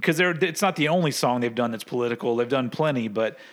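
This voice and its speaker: A man's voice: medium pitch, lively intonation, a bit bright. A man co-hosting a casual music podcast, rambling and restarting his sentences. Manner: rambling, halting restarts, laughs often. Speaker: podcast co-host.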